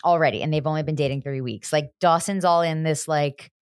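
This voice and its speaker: A woman's voice: sits low, steady tone, fairly quick, smooth, no echo, studio quality. A woman hosting a podcast in casual chat, sarcastic and laughing often. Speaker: podcast host.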